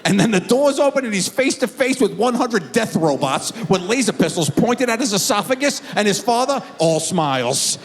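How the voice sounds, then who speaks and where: Lively middle-aged man doing stand-up. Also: sits high, moderate pace, few pauses. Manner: animated, exaggerated character voices. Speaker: stand-up comedian. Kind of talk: stand-up comedy storytelling. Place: large theater stage. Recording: echoey theater with faint crowd.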